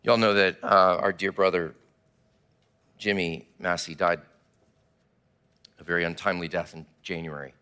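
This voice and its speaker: A man preaching a sermon, telling the story with animated, acted-out delivery. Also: low-pitched, normal speed, pauses often, clear, resonant tone. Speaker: pastor.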